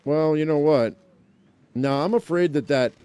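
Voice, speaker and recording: A man's voice: on the high side, unhurried, mellow, clean tone, no room sound. A man casually commenting on his own survival gameplay, chatting to himself and his viewers with jokey exclamations. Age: adult, owns a dog. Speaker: let's play gamer.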